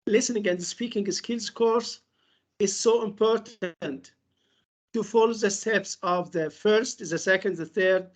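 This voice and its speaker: Woman English teacher, unhurried webinar lecture, mid-range voice, repeats words drill-style. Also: mid-range voice.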